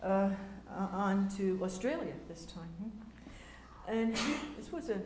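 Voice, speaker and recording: Older lady telling stories, chatty and animated, lots of ums, roomy echo, bit of faint hum behind. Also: medium pitch, slow. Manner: animated, laughing, acts out quotes, many fillers and restarts. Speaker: speaker recounting memories. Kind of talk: casual storytelling talk.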